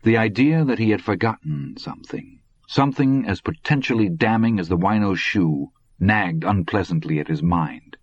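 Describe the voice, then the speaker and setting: A man narrating an audiobook in a husky voice. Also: on the low side, moderate pace. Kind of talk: scripted narration. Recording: dull, lo-fi recording.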